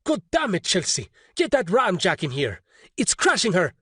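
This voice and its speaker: Panicky, swearing captain, pitched up and pushed loud, done by a male narrator. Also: very animated, a little fast, breathy edge, no echo, clean studio sound, heavily acted. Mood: frantic. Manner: anxious, cursing. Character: frantic, foul-mouthed male ship captain.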